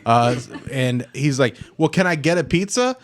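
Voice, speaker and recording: A young man hosting a casual comedy podcast, telling a story with lively voiced-out dialogue. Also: mid-range voice, normal speed. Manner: animated storyteller acting out both sides of a dialogue. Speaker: podcast host.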